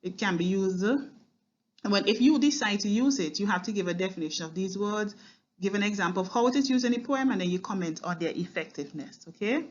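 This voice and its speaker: An English literature teacher delivers a recorded exam-prep lesson on poetry, speaking fast in a mid-range voice. She explains the poem line by line and often checks in with "okay?". The audio sounds dull.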